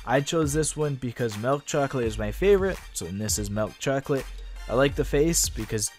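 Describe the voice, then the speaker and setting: A man's voice: medium pitch, expressive, a little fast, darkish tone, soft background music. A man hosting a casual video, chatty and rambling with light laughs. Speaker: video host. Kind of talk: casual commentary.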